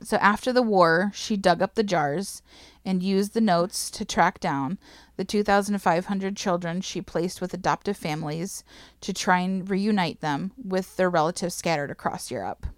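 Swearing, animated woman telling a story. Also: fairly low pitch, moderate pace, dry recording, studio quality. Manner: swears freely, laughs, emotional and animated. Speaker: podcast host telling a history story. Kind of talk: casual storytelling chat.

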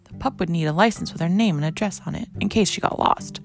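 A woman reading a children's storybook aloud in a gentle, even way. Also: fairly low pitch, quick pace, creaky. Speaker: narrator.

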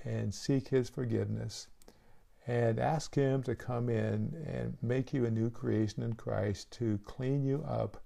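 A man preaching a sermon in a gravelly voice at a middle pitch. His tone is dark and mellow, and he pleads earnestly with his listeners. He restarts his phrases often as he talks. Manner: earnest, pleading altar call with frequent restarts. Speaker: pastor.

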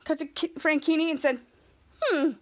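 A woman with a high-pitched voice hosts a podcast, recapping a TV episode in a casual, halting way. She restarts her sentences often and strings events together one after another. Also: a bit bright. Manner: halting, repetitive retelling with many restarts and "cut to". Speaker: podcast host.

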